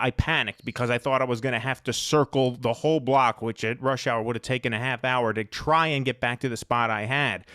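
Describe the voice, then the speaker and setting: A man's voice: medium pitch, a bit bright, no room sound, clean studio sound. A man from the New York City area hosting a political podcast, talking bluntly and with strong opinions. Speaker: podcast host. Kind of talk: casual political podcast chat.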